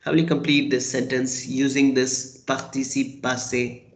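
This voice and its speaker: A man's voice: mid-range voice, flat delivery, moderate pace. A man teaching a French class, patiently repeating and spelling out words. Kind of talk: online language class. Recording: roomy echo.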